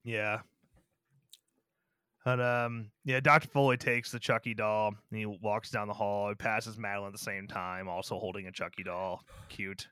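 A man co-hosting a casual movie review podcast, talking in an animated, sarcastic way and swearing freely. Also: fairly low pitch, normal speed, smooth, no echo, studio quality. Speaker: podcast co-host.

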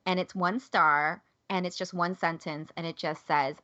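A woman hosting a casual podcast chat, chatty and laughing often, animated when quoting others. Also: lowish voice, moderate pace, no echo, dull audio. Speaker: podcast host.

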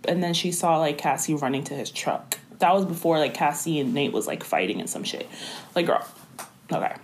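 A woman's voice: sits low, expressive, a little fast, slight background noise. A woman chatting casually about a TV show, blunt and dismissive, peppering her talk with literally and like. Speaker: co-host recapping a TV series. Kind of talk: casual chat.

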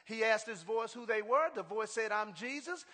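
Male preacher, middle-aged, sermon, very high voice, call-and-response, scripture reading. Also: normal speed. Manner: animated, call-and-response with congregation; reads scripture aloud with rising emphasis. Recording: reverberant hall.

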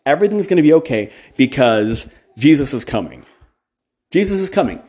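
A man's voice: mid-range voice, big pitch swings, a little fast, a little mellow, slightly rough. Blunt, emphatic man preaching. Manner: emphatic, blunt, with restarts and asides. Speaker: podcast host. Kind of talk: casual preaching monologue.

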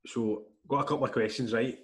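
Fast-talking blunt Scottish man. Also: medium pitch, fairly even intonation. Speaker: podcast co-host. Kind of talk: casual chat.

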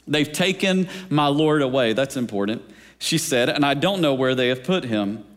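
A man's voice: mid-range voice, animated, moderate pace. A man pastor preaching a sermon in a church, with a rhythmic delivery that keeps asking the congregation whether they are following. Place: church sanctuary. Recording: long reverb of a large hall.

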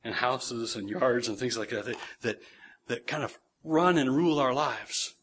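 A man's voice: medium pitch, unhurried, fairly bright tone, breathy edge. A man in his forties preaching a sermon, earnest, repeating phrases for emphasis and checking in with listeners. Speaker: pastor.

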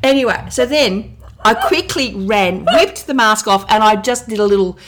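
A middle-aged woman tells a story in relaxed chat, her voice a touch higher than most. She talks animatedly and keeps breaking into laughter. A faint background hiss runs under the recording. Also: moderate pace. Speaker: guest, mother of the host.

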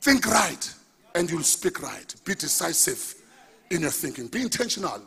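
Shouting preacher, bright and husky. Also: male voice, a little high, sing-song, moderate pace. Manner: preaching, rising to shouts, asking the congregation for responses. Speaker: pastor. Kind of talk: sermon.

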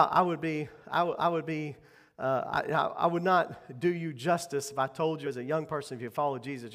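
A man preaching a fervent sermon as pastor, rising to emphatic peaks and then easing into a quiet, low prayer. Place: church sanctuary. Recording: church hall with long reverb.

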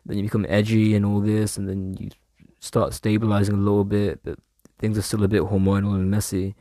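A man's voice: on the low side, completely flat delivery, fairly quick, mellow, no room sound, studio quality. A young man, rambling casually through a podcast monologue at home. He trails off and jokes at his own expense in slang. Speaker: podcast host. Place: room at home.

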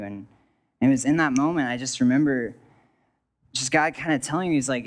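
A man's voice: medium pitch, fairly quick, long pauses. A young man telling a personal faith story to an audience, rambling with restarts and joking asides. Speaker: speaker sharing a testimony.

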